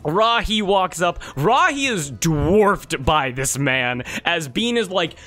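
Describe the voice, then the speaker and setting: A man's voice: on the high side, animated, takes it slowly, a bit bright, soft background music. A man running a tabletop role-playing game as game master, narrating scenes in a chatty way full of fillers. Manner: chatty, many fillers, voices characters in quotes.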